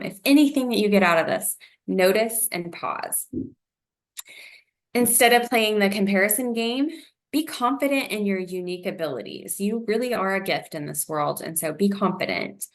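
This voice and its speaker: A woman presenting a wellness lesson in a gentle, encouraging way, with frequent "um"s. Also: mid-range voice. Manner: gentle, encouraging, uses fillers like um.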